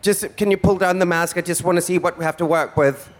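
With a high-pitched, steady voice and a quick pace, a man in drag hosts a comedy show on stage. His stand-up for the live audience is campy, flamboyant and theatrically teasing.

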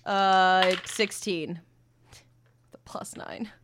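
A woman's voice: on the low side, fairly even intonation, very slow, noisy background. A woman playing a tabletop role-playing game, playful and laid-back as she describes her character's moves. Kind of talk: casual tabletop role-play.

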